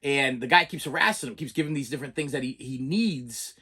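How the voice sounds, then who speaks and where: Slightly rough and forceful, this man's bright mid-range voice moves a little fast. He's a middle-aged movie collector spinning a lengthy, meandering tale, tripping over words and repeating himself often.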